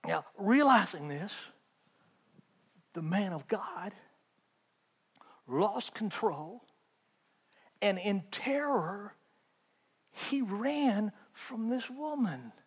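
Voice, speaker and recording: A high-pitched male preacher delivering a lively sermon, building to loud emphatic bursts and dropping to quiet asides. His voice rings with the long reverb of a large hall. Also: drawn-out words, long pauses, husky. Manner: animated storytelling, acts out voices, swings from loud to hushed. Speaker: pastor.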